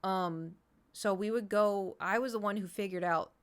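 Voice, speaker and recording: A woman's voice: medium pitch, moderate pace, clean tone. A woman in her thirties, streaming and chatting casually, rambling through an anecdote and answering chat as she goes.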